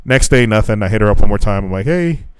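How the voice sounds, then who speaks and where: A young podcast co-host speaks at a quick pace in a fairly low, clear, resonant voice with no echo. Swearing freely, he tells a dating story and brings it to life by acting out what each person said.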